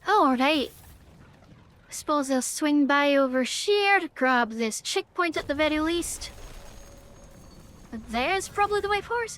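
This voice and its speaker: High-voiced Northern Irish woman streaming. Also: animated, unhurried, long pauses, fairly bright tone. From Northern Ireland. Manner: chatty, swears casually. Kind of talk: live gameplay commentary.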